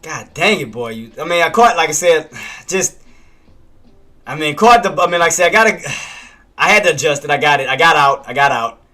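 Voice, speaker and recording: A man's voice: fairly high pitch, lively intonation, moderate pace, pauses often, sharp tone. A man doing casual live trading commentary, who swears at himself and keeps talking himself down. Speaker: day trader streaming live commentary.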